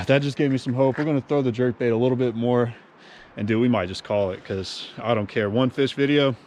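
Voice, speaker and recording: A man talking casually to his camera beside a winter creek, soaked and freezing. His voice is mellow and darkish at an ordinary pitch. Faint outdoor noise runs under the camera mic. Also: brisk. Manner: excitable, slangy, says yo and dude. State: cold and soaked. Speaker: fishing vlogger.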